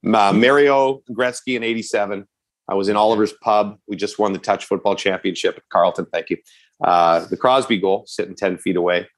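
A man from Canada in his fifties, co-hosting a podcast with joking, animated banter and stories. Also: lowish voice, a little fast. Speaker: podcast co-host. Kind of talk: casual chat.

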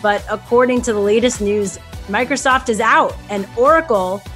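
A woman's voice: fairly high pitch, normal speed, a bit bright. Chatty woman hosting a news show, light music in the back. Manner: upbeat, chatty, laughs easily.

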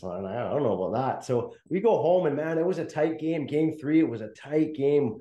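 A man's voice: mid-range voice, animated, a little fast, dark tone, reverberant, highs cut off. A middle-aged man, a former hockey player, telling laughing stories as a guest in a casual interview. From Canada. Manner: laughs often, chatty, many restarts.

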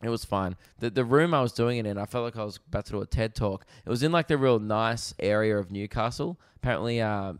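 A young Australian comedian hosts his podcast, telling stories in a loose, rambling way with swearing. His voice sits a little low. The sound is dry and close. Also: fast talker, hardly any pauses, clean tone, no echo. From Victoria, Australia. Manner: rambling, animated storytelling with swearing. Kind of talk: casual storytelling chat. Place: rented holiday apartment.

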